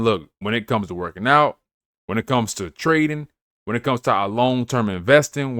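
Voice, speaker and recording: Recorded dry with clean studio sound, a man with a medium-pitched, fairly bright voice hosts a finance channel. Talking to camera, he offers casual, emphatic, preachy advice in slang, repeating himself and checking in with "you feel me."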